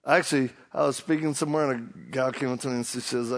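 A middle-aged man with a thick Louisiana Cajun accent preaches a sermon, his voice gravelly with fry. He talks in a folksy storytelling way, stumbling and restarting his sentences. His pitch sits in the middle for a man. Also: fast talker. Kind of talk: sermon with humor.

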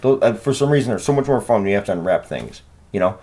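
A man's voice: fairly low pitch, lively intonation, fast talker, mellow. A man hosting a solo podcast, rambling and swearing in a self-deprecating, casual way. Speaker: podcast host.

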